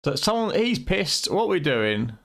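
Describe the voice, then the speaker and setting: This British man from the UK has a high, sing-song voice that's a little slow, fairly bright, and touched with vocal fry. Streaming a game late at night, he chats and jokes with viewers, sounding tired and worn, teasing them and swearing freely.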